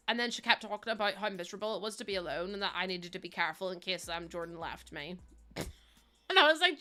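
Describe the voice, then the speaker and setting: Bright, chatty young woman streamer. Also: mid-range voice, animated, quick pace. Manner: chatty and teasing, laughs often, reads out chat. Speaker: game streamer. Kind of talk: casual live-stream chat.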